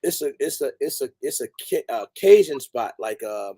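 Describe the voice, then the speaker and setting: A man's voice: mid-range voice, big pitch swings, normal speed, mellow, breathy edge, no echo. A man hosting a casual livestream, laid-back, greeting viewers by name. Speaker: livestream host. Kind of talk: casual live chat.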